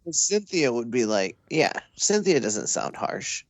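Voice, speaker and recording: A male podcast co-host with a mid-pitched voice who tells stories in a loose, laughing way and keeps the banter going. His voice sits close to the mic and sounds dry. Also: big pitch swings, slow, no room sound. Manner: laughs easily, anecdotal banter. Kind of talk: casual podcast chat.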